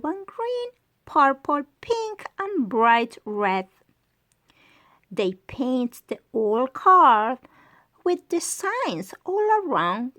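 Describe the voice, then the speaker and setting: A woman reading a children's picture book aloud in an expressive, sing-song way. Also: fairly high pitch, dry recording, clean studio sound. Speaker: storyteller.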